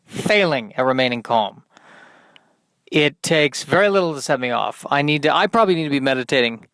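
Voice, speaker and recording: Deadpan man with smooth, dry voice. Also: mid-range voice, fairly quick, no echo. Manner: deadpan, self-deprecating, rambling asides. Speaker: podcast host. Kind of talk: solo comedic monologue.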